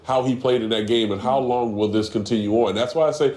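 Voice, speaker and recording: A man on a TV studio panel explaining his view of the game in a measured way. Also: mid-range voice, steady tone, a little mellow, echoey room. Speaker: sports analyst. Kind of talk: sports debate commentary.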